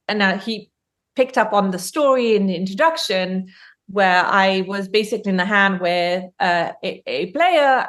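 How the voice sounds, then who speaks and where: A woman from Germany, a guest author on a podcast, telling stories in a chatty way with many ums and restarts. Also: medium pitch. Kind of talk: podcast interview.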